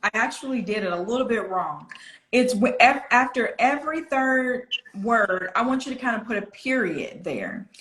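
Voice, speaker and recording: A woman's voice: a little high, very animated, moderate pace, fairly bright tone, roomy sound. A woman from the United States, a pronunciation coach, patiently explaining and demonstrating phrasing over a video call. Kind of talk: coaching over an online interview.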